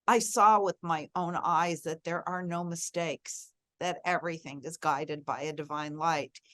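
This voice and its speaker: A woman's voice: low voice, fairly even intonation, measured pace, a bit bright, no room sound. A middle-aged woman, a guest in an interview, telling a personal story in an earnest, reflective way and leaning on key words.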